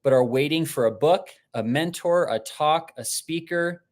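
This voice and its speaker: A man's voice: a little high, measured pace. A man giving a live-streamed motivational talk, telling stories conversationally and often restarting his sentences. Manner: animated storytelling, acting out quoted voices. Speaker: motivational speaker.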